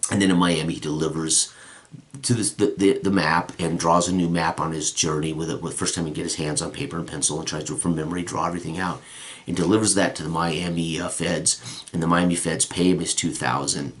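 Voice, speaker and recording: A man's voice: low voice, little pitch movement, brisk. A middle-aged man, a game master, casually recapping a tabletop game session in a rambling way, with many restarts. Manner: rambling, with frequent restarts and fillers.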